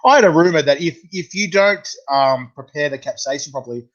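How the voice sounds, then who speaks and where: A man's voice: fairly high pitch, animated, fairly quick. Matey Australian man on a dull line. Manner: jokey, matey, laughs often. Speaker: podcast host. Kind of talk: casual chat. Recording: dull lo-fi sound.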